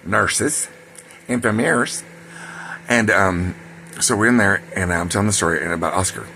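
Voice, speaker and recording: At a moderate pace, a man with a fairly low pitch and a bright, forceful tone shares a personal story. He meanders, piling on asides and fillers, and faint background noise can be heard.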